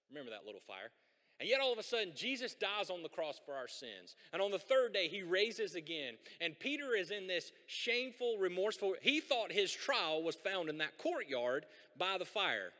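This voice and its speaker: A man preaching a sermon as a pastor, animated and conversational, with folksy asides. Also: a little high. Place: church sanctuary. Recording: long hall reverb.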